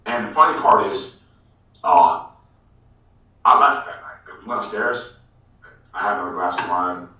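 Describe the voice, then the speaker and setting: A man telling a story in a casual interview, animated and swearing freely, calling people bro. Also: low-pitched, unhurried, long pauses. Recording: echoey room, mic far off.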